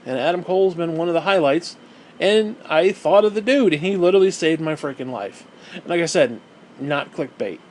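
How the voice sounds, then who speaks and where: A man's voice: on the high side, a little hiss or hum. A man talking casually to camera in a vlog, rambling and self-deprecating, swearing often and restarting his sentences. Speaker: vlogger.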